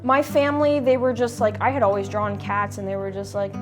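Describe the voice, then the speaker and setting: A woman's voice: mid-range voice, flat delivery, a little fast. Chatty young woman over background music. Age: young adult. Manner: chatty, peppered with "like". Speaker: interviewee, fursuit maker. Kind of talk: documentary interview.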